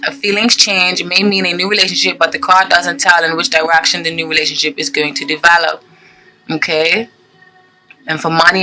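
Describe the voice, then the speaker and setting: A tarot reader with a bright, forward voice talks casually to viewers, wanders through asides and keeps checking in with "okay?". Card meanings are read out in between. Faint music runs behind the voice. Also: medium pitch, poor audio. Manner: chatty, rambling, many "okay?" check-ins.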